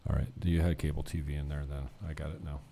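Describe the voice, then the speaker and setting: Deep, dark-voiced laid-back man. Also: flat delivery, fast, creaky. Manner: laid-back, swears casually, trails off mid-sentence. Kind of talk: casual chat.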